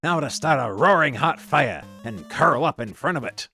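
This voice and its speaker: A man's voice: mid-range voice, expressive, moderate pace, gravelly, bright, forceful tone. A man voicing a hot-tempered, stubborn cartoon duck who blusters and brags, over faint background music. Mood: blustering. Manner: blustering, boastful.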